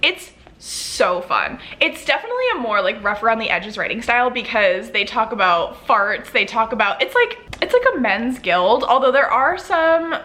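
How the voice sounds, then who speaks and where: Lively, bright-voiced young woman chatting about books. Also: fairly high pitch, normal speed, few pauses, a little hiss or hum. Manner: chatty and gushing, many "like" fillers. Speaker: book vlogger. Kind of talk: casual chat to camera.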